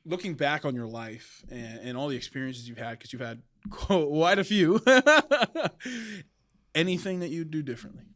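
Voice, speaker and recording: A man's voice: fairly high pitch, expressive, a little slow, fairly bright tone. A man hosting a podcast, playful and jokey, often repeating words as he starts a sentence. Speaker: podcast host. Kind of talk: casual interview chat.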